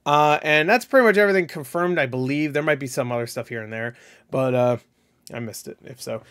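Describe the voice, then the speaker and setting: A man's voice: a little high, brisk, fairly bright tone, clear, resonant tone. A young man hosting a casual solo video of gaming predictions, rambling loosely with many fillers and casual swearing. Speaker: gaming channel host.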